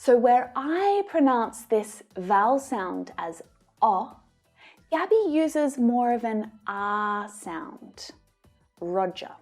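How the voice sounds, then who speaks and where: A woman with an Australian accent teaching English pronunciation, modelling each sound slowly and carefully. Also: on the high side, big pitch swings, soft background music. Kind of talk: pronunciation lesson.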